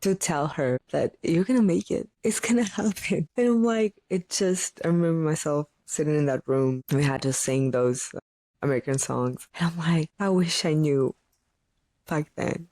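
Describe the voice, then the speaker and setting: Woman podcast host from Greece, thirties, native Greek speaker; animated and opinionated; dry recording. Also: low-pitched, moderate pace, no echo. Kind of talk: solo podcast monologue.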